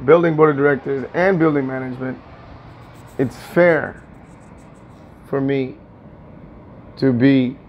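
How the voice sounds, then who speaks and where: A man's voice: mid-range voice, fairly even intonation, takes it slowly, pauses often, dull audio, a little hiss or hum. A man venting in a personal vlog from his apartment, aggrieved and repetitive, often swearing. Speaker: tenant vlogger. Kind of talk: agitated personal vlog rant.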